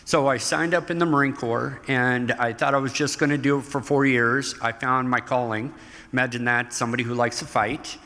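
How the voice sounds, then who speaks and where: A middle-aged man, a guest in an interview, telling stories from his life in an animated way, often laughing. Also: medium pitch, fairly quick, few pauses. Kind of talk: storytelling interview. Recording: hall reverb.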